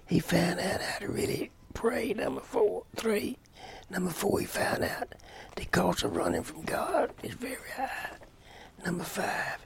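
A man's voice: high voice, gravelly. A man preaching a sermon, telling a folksy, earnest story to his listeners. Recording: sermon tape recording.

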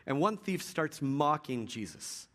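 A man pastor giving a sermon in a relaxed storytelling way, with frequent restarts. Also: fairly high pitch, a little slow.

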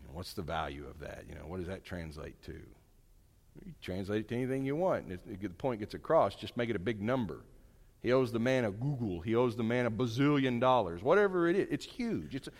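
A man's voice: mid-range voice, in a large hall. A man preaching a sermon, retelling a story in a conversational way with chatty asides. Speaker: pastor.

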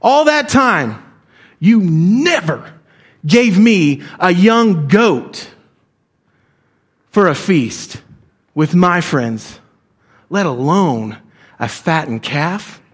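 A man's voice: high voice, animated. A man acting out a bitter, resentful older son. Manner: slow, bitter, pleading.

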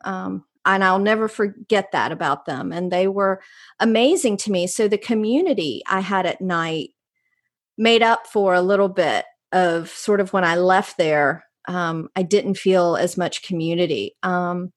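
A woman's voice: lowish voice, a little slow. A middle-aged woman from North Carolina with a Southern accent, telling stories as a guest in an interview and slipping into voices when she quotes people. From North Carolina, USA. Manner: animated, jumps into voices when quoting people. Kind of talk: casual storytelling interview.

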